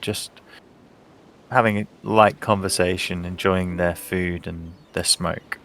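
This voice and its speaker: A male game master talks through a tabletop scene at a very slow, measured pace. His low voice has a gravelly fry to it, and his descriptions are broken up by ums and uhs. A faint hiss runs under the recording. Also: fairly bright tone.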